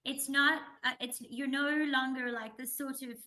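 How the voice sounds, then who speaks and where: High-voiced eager woman interviewer. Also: steady tone, measured pace, sharp tone. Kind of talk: casual chat.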